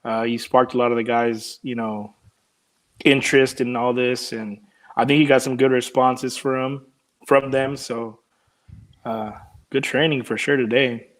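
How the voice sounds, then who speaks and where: A man's voice: mid-range voice, little pitch movement, unhurried. A man and branch manager giving an easygoing work update on a video call, laughing easily and using many fillers. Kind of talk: casual chat over video call.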